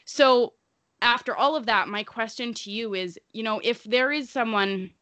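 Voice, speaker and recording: A woman's voice: a little high, normal speed, bright, forceful tone, dry recording. A woman hosting a casual podcast chat, talking in an earnest, rambling way with plenty of fillers. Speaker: podcast host.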